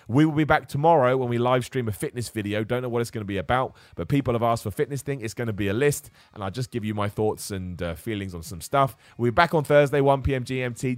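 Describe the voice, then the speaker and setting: Fast-talking man hosting a podcast. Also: medium pitch, no room sound. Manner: chatty, rambling, reads out viewer comments. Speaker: wrestling podcast host. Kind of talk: casual live-stream chat.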